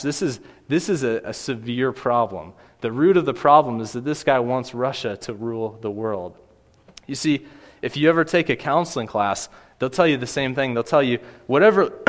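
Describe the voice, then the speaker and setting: A male pastor giving a conversational sermon, often restarting his phrases. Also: medium pitch.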